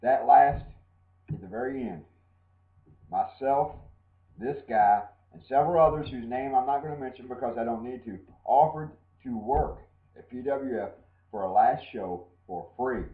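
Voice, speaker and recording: A man's voice: medium pitch, normal speed. A man, ranting angrily and profanely as a guest on a wrestling podcast while drinking. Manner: angry, swearing, drinking, loud and ranting. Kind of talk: profane heated rant. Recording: tinny phone-like audio in echoey room.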